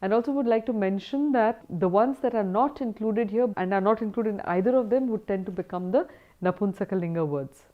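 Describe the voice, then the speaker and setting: A woman's voice: medium pitch, a little fast. A woman teaching Sanskrit grammar in a recorded lecture, mixing English with Sanskrit terms and checking in with her students. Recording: tinny phone-like sound.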